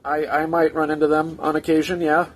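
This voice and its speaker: Man doing a naive, breathy rookie cop. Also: fairly high pitch, monotone, brisk, low-quality recording. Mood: incredulous. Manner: surprised, hesitant replies. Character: naive young male police officer. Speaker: skit character.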